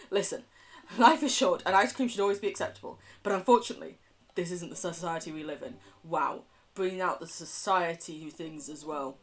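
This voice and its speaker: A woman streaming a video game, chatty and quick, swearing freely and laughing often as she reacts and reads aloud. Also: fairly low pitch. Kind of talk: live-stream game commentary.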